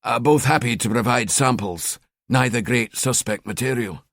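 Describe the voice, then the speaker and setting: A man's voice: mid-range voice, moderate pace, fairly bright tone, no echo, clean studio sound, close to an everyday voice. A man voicing a cheeky, sardonic male police detective in an audiobook. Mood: wry. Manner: wry, chatty.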